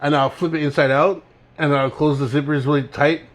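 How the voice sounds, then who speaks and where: A man's voice: on the high side, level tone, fairly quick. A young man co-hosting a podcast, telling rambling, laid-back stories and laughing as he goes. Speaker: podcast co-host. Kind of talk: casual storytelling chat.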